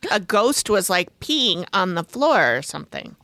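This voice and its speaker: A woman's voice: fairly low pitch, sing-song, measured pace, sharp tone, no room sound. A woman co-hosting a podcast, chatting casually and laughing easily while recapping an episode. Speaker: podcast co-host.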